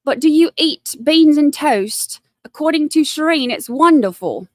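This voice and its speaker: A woman putting on an exaggerated mock-posh British voice, slow and high. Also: expressive, no echo, clean studio sound. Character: over-the-top posh British woman, prim.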